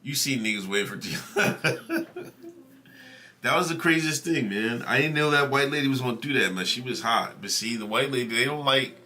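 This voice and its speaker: A man's voice: medium pitch, fast talker, few pauses, sharp tone, slight background noise. A man hosting a livestream, telling a story to his chat in a loose, profane, conversational way. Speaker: livestream host. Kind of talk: casual storytelling to stream chat.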